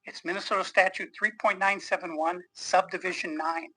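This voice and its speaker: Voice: medium pitch, fairly even intonation, bright, forceful tone, husky, poor audio. A political commentator in a played clip, making a formal spoken argument and citing statutes precisely. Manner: deliberate, cites statutes precisely.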